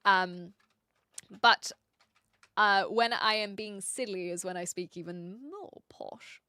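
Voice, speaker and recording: Brief: Kiwi woman streamer, bright and giggly, posh-tinged, dry close sound. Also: mid-range voice, fairly even intonation, takes it slowly, clear, resonant tone, dry recording. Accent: New Zealand, mixed and posh-leaning. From New Zealand. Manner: playful, giggly, self-mocking. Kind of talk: casual live-stream chat.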